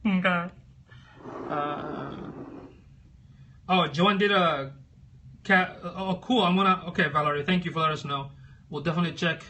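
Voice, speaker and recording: A man's voice: high-pitched, normal speed, pauses often, bright, forceful tone, a little hiss or hum. A man hosting a casual live stream, rambling and thinking aloud as he searches, reading out viewer comments and answering them. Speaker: livestream host.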